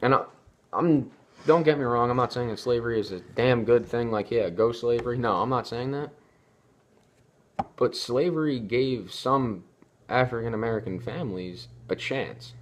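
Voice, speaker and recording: A man's voice: mid-range voice, normal speed, slight background noise. A young man talking casually to camera, rambling and often restarting his sentences. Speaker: vlogger. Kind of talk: casual opinion talk.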